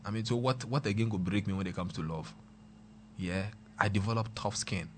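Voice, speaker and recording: A young man with a Ghanaian accent, casually telling a personal story, mixing pidgin and local words and swinging between loud and quiet. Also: fairly low pitch, a little fast, a little hiss or hum.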